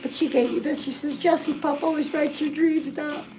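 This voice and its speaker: A woman playing a gushing high-voiced girl-guru. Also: steady tone, normal speed, close to an everyday voice, low-quality recording. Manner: gushing, chatty, keeps addressing the viewer as girl. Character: chirpy self-styled woman lifestyle guru, gushing, pushy. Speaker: host. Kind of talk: comic character monologue to camera. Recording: music playing loudly under the voice. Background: music.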